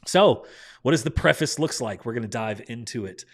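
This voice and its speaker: A man's voice: mid-range voice, animated, normal speed. A young man with a Midwestern American accent leads a live-streamed Bible study. He talks in a chatty, upbeat way, with plenty of ums and uhs and a voice in the middle of the male range. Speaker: Bible class teacher.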